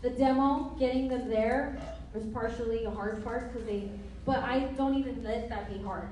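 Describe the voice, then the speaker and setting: High-voiced woman coaching a roomful, very echoey. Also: fairly even intonation, normal speed, a little mellow. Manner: playful, laughs often, acts out conversations. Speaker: business trainer. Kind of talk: motivational seminar talk to a live audience. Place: meeting room with an audience. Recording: very echoey room, mic far off, faint hiss.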